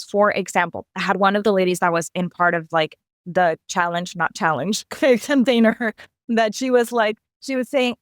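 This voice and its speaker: A woman guest on a podcast interview, speaking in an animated way and acting out voices in her stories. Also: mid-range voice, no echo, clean studio sound. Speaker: guest, mentor. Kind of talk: casual interview chat.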